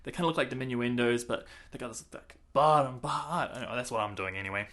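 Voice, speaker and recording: A man's voice: mid-range voice, steady tone, fast talker, hardly any pauses, a bit bright, faint music behind. A man teaching a clarinet lesson in a casual, chatty way, counting and singing the beats aloud and laughing at himself.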